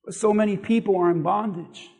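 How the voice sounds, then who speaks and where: A pastor giving an animated, emphatic sermon, building intensity through repetition. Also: male voice, high voice, a little fast, vocal fry, slightly rough, in a large hall.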